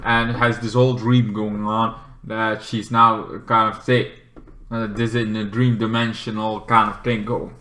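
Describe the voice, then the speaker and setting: Male movie reviewer, casual and rambling, bright voice, echoey room. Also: level tone, unhurried. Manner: rambling, swears, acts out characters in shrill yells.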